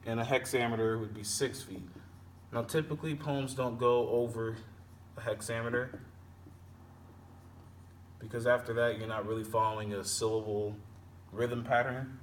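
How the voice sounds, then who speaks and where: A man teaching poetry meter, explaining slowly with pauses and self-corrections. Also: mid-range voice, steady tone. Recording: distant mic with faint background noise.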